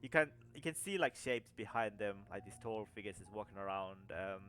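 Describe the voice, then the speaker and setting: A young man narrating a tabletop game as game master, halting with many fillers and restarts. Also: on the low side, lively intonation, fairly bright tone.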